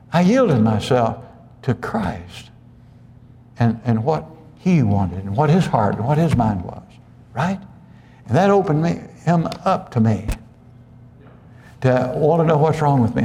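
A man's voice: on the high side, very animated, a little slow, gravelly, long pauses, darkish tone, big-room sound, slight background noise. A man preaching a conversational sermon as pastor, with many restarts and asides to the congregation.

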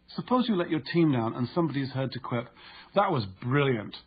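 A man narrating an instructive audiobook in a steady, explanatory way. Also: mid-range voice, fast, breathy edge, lo-fi sound.

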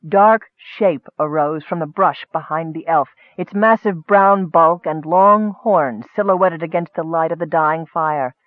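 A man narrating a fantasy story in a steady, measured audiobook reading. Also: high voice, no room sound, narrow, tinny audio.

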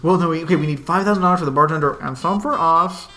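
A man's voice: on the high side, very fast, sharp tone. A man co-hosting a podcast, chatting casually and enthusiastically, with many "like"s. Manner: enthusiastic, with frequent fillers and restarts. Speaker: podcast co-host. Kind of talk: casual chat.

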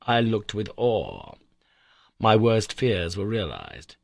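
A man narrating an old adventure novel in a measured, suspenseful reading. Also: on the low side, wildly swooping pitch, gravelly, no echo, studio quality. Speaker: audiobook narrator. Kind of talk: dramatic storybook narration.

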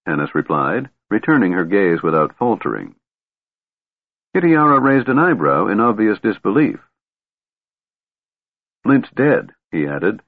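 A man's voice: low voice, no room sound. A man narrating a fantasy novel as an audiobook, with dramatic storytelling. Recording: tinny, narrow band.

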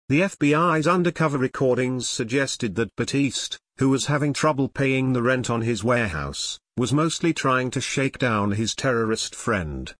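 A man reading nonfiction narration in a measured, matter-of-fact way. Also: medium pitch, a bit bright, no echo, studio quality.

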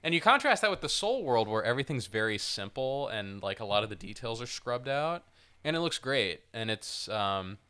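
A man's voice: mid-range voice, moderate pace, clear, resonant tone. A man co-hosting a podcast in casual, rambling chat, full of "like" and the odd swear word. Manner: rambling, animated, swears, lots of "like". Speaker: podcast co-host.

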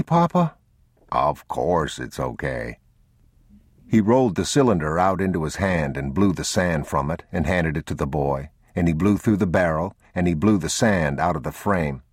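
Male audiobook narrator with a very low, husky voice and dry close sound, measured and somber. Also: dry recording. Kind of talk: scripted narration.

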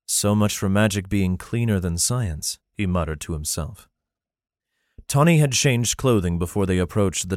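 A man narrating a fantasy novel in a steady, even storytelling manner. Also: fairly low pitch, dry recording, studio quality. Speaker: audiobook narrator.

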